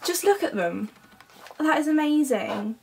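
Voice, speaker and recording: A woman's voice: high-pitched, expressive, unhurried, creaky, darkish tone, slight background noise. A young woman chatting casually as she unboxes an album at home, giggling often. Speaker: vlogger. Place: at home, indoors. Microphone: camera mic.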